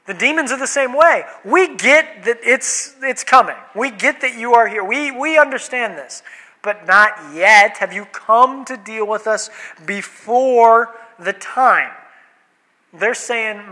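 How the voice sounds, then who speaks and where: Male pastor, sermon, chatty rhetorical delivery, high bright voice, long hall echo. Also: animated, measured pace. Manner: conversational preaching, rhetorical questions, quoted voices.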